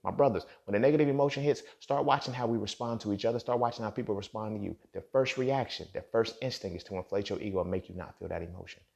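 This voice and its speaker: A man's voice: fairly low pitch, fast, vocal fry, few pauses, a little mellow. A young man hosting a podcast, talking in a blunt, profane, casual monologue straight to his listeners. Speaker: podcast host.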